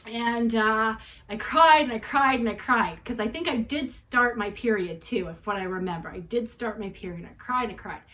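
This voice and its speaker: A woman in her forties vlogging a personal story. She talks in a dramatic, chatty way and keeps checking in with tag questions. Her voice sits slightly high. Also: normal speed, fairly bright tone, low-quality recording. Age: 40s.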